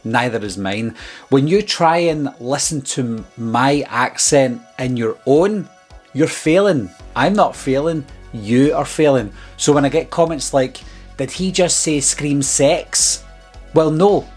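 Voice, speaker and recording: Husky-voiced man ranting about his critics. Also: mid-range voice, animated, unhurried, darkish tone. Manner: earnest, exasperated ranting. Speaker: film reviewer YouTuber. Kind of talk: casual commentary monologue. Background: faint background music.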